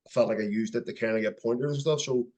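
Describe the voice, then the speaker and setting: A man's voice: mid-range voice, quick pace, a little mellow. A man in his thirties hosting a podcast, chatty and encouraging, with casual swearing. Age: 30s. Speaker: podcast host. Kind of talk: casual conversation.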